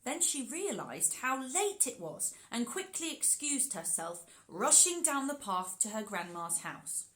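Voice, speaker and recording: A woman leads an interactive storytelling session for children, animated and encouraging. Her voice sits fairly high and swings widely in pitch. She keeps turning to speak directly to the children. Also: unhurried, few pauses, poor audio. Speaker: storyteller and workshop leader.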